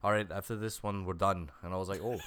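A man co-hosting a podcast, chatting playfully about a film with jokey, excitable asides. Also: deep voice, fast, clean tone. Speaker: podcast co-host. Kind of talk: casual movie review chat. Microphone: remote call microphone.

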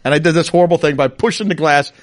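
A middle-aged man co-hosting a casual chat, telling a story in an animated, laughing, mock-outraged way. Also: a little high, racing. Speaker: podcast co-host.

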